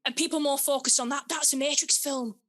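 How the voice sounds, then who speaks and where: A woman with a high, sharp, bright voice chats about films on a podcast. She often restarts her sentences as she works out what she wants to say. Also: fairly even intonation, fairly quick. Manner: chatty, hesitant restarts. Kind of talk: casual film discussion.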